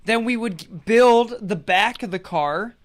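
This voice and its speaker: A man's voice: high voice, measured pace. A man hosting a casual chat, eagerly rambling through a story. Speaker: host. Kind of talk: casual chat on a live stream.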